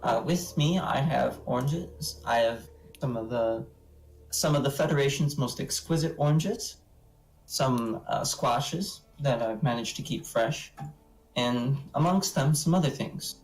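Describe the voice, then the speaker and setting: A bard in a tabletop game posing as a visiting noble, played by a man. He speaks in formal, courtly phrases at a middling pitch. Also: measured pace, distant mic, soft background music, lightly acted, poor audio. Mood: courteous.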